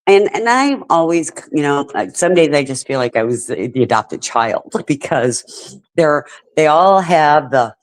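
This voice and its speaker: A woman's voice: deep voice, animated, unhurried, no room sound. Chatty woman in her fifties. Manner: chatty, laughs often. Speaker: live stream host. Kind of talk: casual chat.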